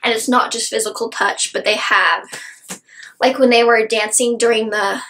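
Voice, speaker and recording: Woman rambling excitedly about a book, says like a lot, kinda high voice. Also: normal speed, low-quality recording. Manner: gushing, rambling, lots of "like". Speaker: book reviewer. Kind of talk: casual book review chat.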